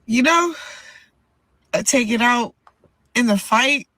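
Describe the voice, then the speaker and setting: A woman's voice: on the high side, slow, pushed and bright, no echo, poor audio. A young woman boxer talking to camera from inside a car before a fight, rambling and earnest, repeating her words. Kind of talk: personal vlog monologue.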